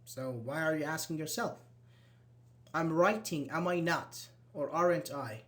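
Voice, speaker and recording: A man's voice: fairly high pitch, a little slow, a bit bright. A man teaching an online English grammar class, explaining step by step and repeating his example sentences.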